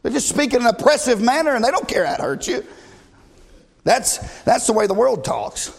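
High, gravelly preacher in a hall. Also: male voice, big pitch swings, a little fast. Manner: emphatic, conversational, asks the congregation questions. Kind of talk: sermon.

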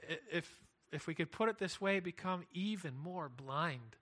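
Bright high-voiced male preacher. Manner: earnest, emphatic preaching with repetition. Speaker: pastor. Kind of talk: sermon.

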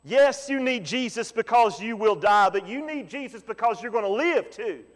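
A man preaching a Sunday sermon as pastor, often asking the congregation "Amen?" and repeating key lines slowly for emphasis. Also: sits high, lively intonation. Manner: preaching with call-and-response "Amen?" asides. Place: church sanctuary. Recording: long hall reverb.

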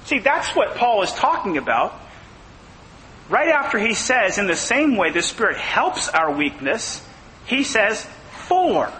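Preacher, male, very high tone, sharp and forceful, rhetorical questions, echoey church hall. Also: sing-song, unhurried. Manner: emphatic, asks rhetorical questions. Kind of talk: sermon. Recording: long hall reverb, faint noise.

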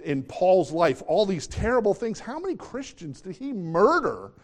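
A man's voice: on the high side, a little mellow. A middle-aged man preaching a sermon, earnest and emphatic, reading scripture and asking his congregation questions.

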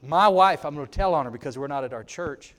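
A middle-aged man preaching a sermon in a church, telling folksy stories and building to loud exhortation. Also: a little high, expressive, fast, a little hiss or hum. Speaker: preacher and ministry leader. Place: church sanctuary.

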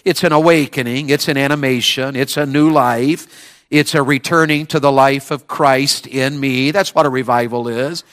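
A man preaching a sermon, telling stories in a folksy way with rising bursts of excitement. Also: mid-range voice, normal speed. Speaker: evangelist preacher.

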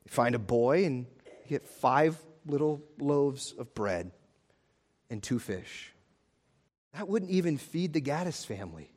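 A man's voice: mid-range voice, lively intonation, takes it slowly, a little mellow. A male pastor preaching a sermon in an emphatic, repetitive style.

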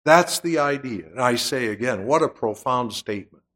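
A man preaching a sermon, slow and deliberate, with emphatic swells on key words. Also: mid-range voice, lively intonation, fairly bright tone.

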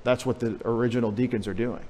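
A man's voice: mid-range voice, steady tone, quick pace, darkish tone, in a large hall. A male pastor preaching a conversational teaching sermon, asking rhetorical questions and restarting phrases as he explains.

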